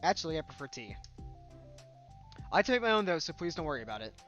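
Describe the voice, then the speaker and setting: A man voicing a timid, anxious bookish teenage girl in a visual novel, speaking softly and hesitantly. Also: fairly high pitch, big pitch swings, quick pace, highs cut off, faint music behind. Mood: polite. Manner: soft, hesitant and apologetic.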